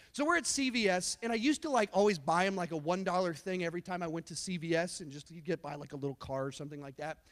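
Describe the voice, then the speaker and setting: A youth pastor giving a sermon in a casual, chatty way, filled with "like". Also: male voice, sits high. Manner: casual, chatty preaching with lots of "like". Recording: long hall reverb.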